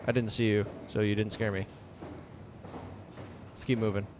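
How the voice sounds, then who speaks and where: There's a little hiss or hum under this let's play, where a young man with a lowish, darkish, level voice talks at a moderate pace. Nervous and jumpy, he swears and speaks to the characters on screen as he plays.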